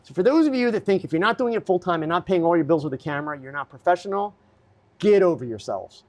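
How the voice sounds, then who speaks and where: A man's voice: sits high, animated, fast talker. A man hosting a live photography Q&A stream, answering viewer questions in a blunt, lecturing way with plenty of fillers.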